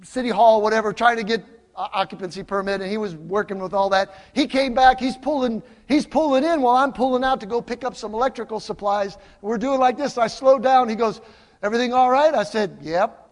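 An older man preaching a sermon, telling stories with lively swings from loud exclamations to quiet asides. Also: very high-pitched, brisk. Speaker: pastor. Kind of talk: sermon with storytelling. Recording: long hall reverb.

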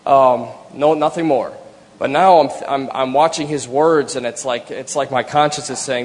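A man telling a personal story in church, earnest and halting, often repeating his words. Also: mid-range voice, steady tone. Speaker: speaker sharing a conversion story. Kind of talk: personal testimony. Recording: long hall reverb.

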